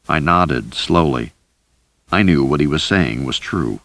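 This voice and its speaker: A man reading a thriller audiobook in first person, with a steady, deep delivery. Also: measured pace, no room sound. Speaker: audiobook narrator. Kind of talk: scripted first-person narration.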